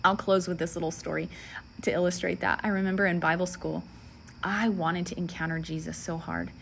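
Woman preacher, low gravelly voice, earnest emotional testimony with whispered moments. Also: fairly even intonation, a little fast, a little hiss or hum. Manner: earnest, emotional storytelling with soft whispered passages. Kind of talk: testimony sermon.

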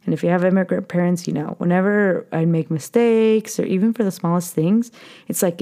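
A woman's voice: mid-range voice, moderate pace, warm tone. A young adult woman hosting a podcast, talking earnestly and emotionally in a casual monologue, with many fillers and restarts. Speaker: podcast host.

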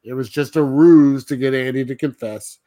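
A man's voice: mid-range voice, steady tone, moderate pace, dark tone. Chatty laughing man recapping a film. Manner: laughs often, loose retelling with many fillers. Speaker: podcast co-host. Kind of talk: casual movie discussion.

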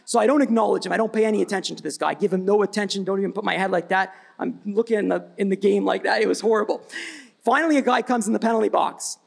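A man's voice: sits high, rapid-fire, creaky. A man, a brand founder on a live event panel, telling stories bluntly and with energy. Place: event stage before live audience.

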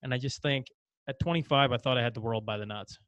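Man, 30s, podcast host, chatty and easygoing, mid-pitched, dry close sound. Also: quick pace, fairly bright tone, clear, resonant tone, no room sound. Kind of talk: casual podcast interview.

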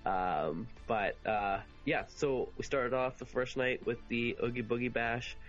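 A man co-hosting a casual podcast while sick and hoarse, speaking in a laid-back, offhand way. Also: medium pitch, a little slow, fairly bright tone, dull audio, faint music behind. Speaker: podcast co-host.

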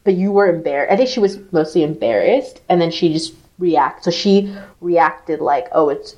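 Animated woman telling a story, lo-fi sound. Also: fairly low pitch, normal speed. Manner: animated, swearing, lots of "like" fillers. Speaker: podcast co-host. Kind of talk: casual chat, storytelling.

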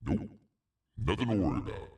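A man's voice: lowish voice, sing-song, brisk, darkish tone, recorded from a distance. A man voicing an evasive young guy who gives dull, curt denials, in a comedic podcast sketch. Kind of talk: comedic solo podcast role-play. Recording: roomy, off-mic sound.

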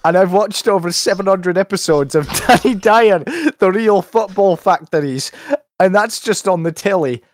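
British guy on a stream, kinda high voice, laughs a lot reading chat. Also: moderate pace, a little hiss or hum. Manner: laughs often, reads chat aloud. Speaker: livestream host. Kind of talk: casual stream chat and comic rant reading.

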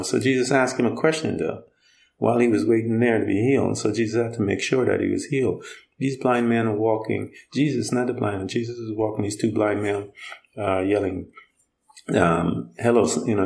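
A gravelly, fairly low-voiced man preaches in an easy conversational way. He retells scripture and acts out the quotes as he goes. His voice rings in a roomy, echoing space. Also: fairly even intonation, normal speed, a little mellow, slight background noise. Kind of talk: conversational sermon. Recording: roomy echo.

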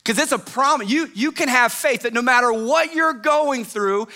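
A male pastor delivering a sermon, emphatic and repetitive, often letting his phrases fall away softly at the end. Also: very high-pitched, moderate pace. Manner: emphatic, repetitive preaching with falling phrase endings.

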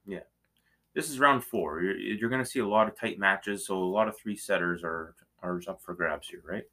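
A man's voice: low-pitched, normal speed, bright, forceful tone. A man co-hosting a sports betting talk show, easygoing and agreeable, often checking with a tag question. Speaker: sports betting podcast co-host. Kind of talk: casual banter about tennis odds.

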